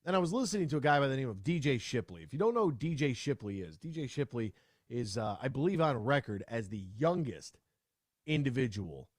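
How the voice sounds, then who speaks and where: A man hosting a sports talk radio show, ranting in a fired-up way with quick repeated restarts, into a studio microphone. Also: medium pitch, very animated, no echo.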